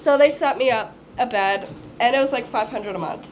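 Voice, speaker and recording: A woman's voice: fairly high pitch, moderate pace, background noise. Chatty, swearing young woman telling a story. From Hawaii. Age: 20s. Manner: rambling, swears freely, acts out her own past lines. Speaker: vlogger. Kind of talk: casual storytime monologue.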